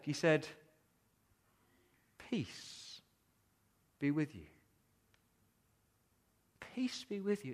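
A man preaching in the first person as the disciples, a frightened group of men who are amazed by what they witness. He tells the story in an excited, storytelling manner. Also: fairly high pitch. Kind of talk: first-person dramatic monologue in a sermon.

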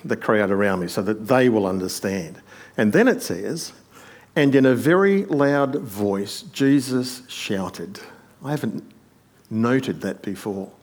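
A man preaching an expository sermon, rising to emphatic peaks on quoted lines and dropping quiet on asides. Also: on the low side, lively intonation, normal speed.

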